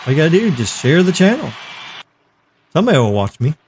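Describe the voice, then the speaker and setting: A man's voice: fairly high pitch, sing-song, fast talker, darkish tone, a little hiss or hum. A man hosting a tech livestream in casual chat, joking and reading out viewer messages.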